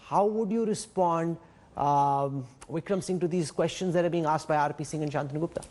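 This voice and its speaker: A high-pitched man anchors a televised news debate. He presses his guests with pointed questions and breaks in firmly when the panel starts talking over each other. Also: a little fast, a little mellow. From India. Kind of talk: moderating a TV debate.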